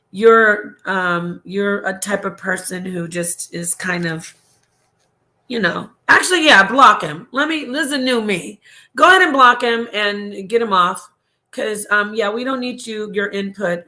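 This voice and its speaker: Bright-voiced woman chatting on a livestream. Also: mid-range voice. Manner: chatty, affectionate, trailing off and restarting. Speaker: livestream host. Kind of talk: casual livestream chat reading comments.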